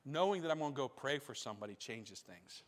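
A man's voice: mid-range voice, lively intonation, brisk. A man preaching a sermon as pastor, repeating phrases for emphasis and building in intensity. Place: church sanctuary. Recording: long hall reverb.

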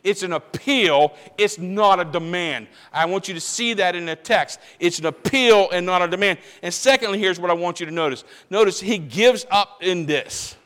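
A man's voice: sits high, moderate pace, few pauses, fairly bright tone, long reverb tail. An older man preaching a sermon as pastor, emphatic and conversational, repeating his points with frequent restarts.

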